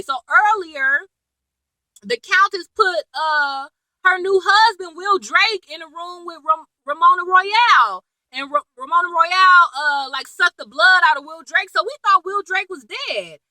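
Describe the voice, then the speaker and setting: A woman casually recapping a TV episode in a chatty, animated way, laughing and full of slang and asides. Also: extremely high pitch, measured pace, no echo, rough recording. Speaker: TV episode reviewer.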